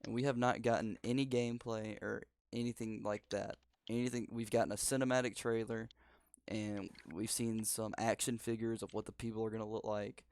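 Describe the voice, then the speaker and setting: A man's voice: lowish voice, little pitch movement, a little fast, a little mellow, no room sound. A teenage boy hosting a casual podcast chat, rambling and laid-back. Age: teens. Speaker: podcast host. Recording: dry home recording over spotty internet.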